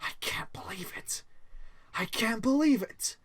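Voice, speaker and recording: A man's voice: sits high, moderate pace, fairly bright tone, slight background noise, voice pushed up. A man putting on a jittery office clerk, whispering in panic. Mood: panicked whisper. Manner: panicky, whispered then indignant. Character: nervous low-ranking male office clerk.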